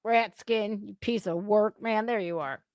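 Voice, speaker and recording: A woman's voice: medium pitch, normal speed, a little mellow, no room sound, clean studio sound. A woman hosting a casual political reaction show, blunt and heated, swearing freely and breaking into sudden outbursts. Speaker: political commentary host.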